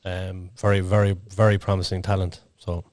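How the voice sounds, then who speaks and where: A man's voice: low voice, little pitch movement, normal speed, darkish tone, dry recording, studio quality. A man co-hosting a podcast, chatting casually in a rambling way with lots of fillers. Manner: rambling, filler-heavy storytelling. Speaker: podcast co-host and interviewer.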